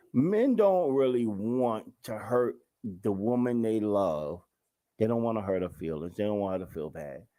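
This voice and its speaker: Animated slangy male talk-show host. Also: fairly high pitch. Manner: animated, slangy, talks straight to viewers. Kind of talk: casual talk-show monologue.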